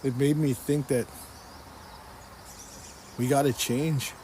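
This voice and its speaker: A man's voice: medium pitch, steady tone, takes it slowly, mellow, slight background noise. A man giving a personal religious testimony, earnestly retelling a dream and repeating what he was told again and again. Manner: earnest, repetitive, quotes the speaker in the dream again and again.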